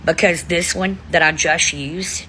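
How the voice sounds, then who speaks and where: A woman casually recounting a story to viewers, dropping to a hushed flat voice for quoted answers. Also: on the low side, measured pace, slight background noise, poor audio. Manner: drops to a hushed flat voice quoting one-word answers.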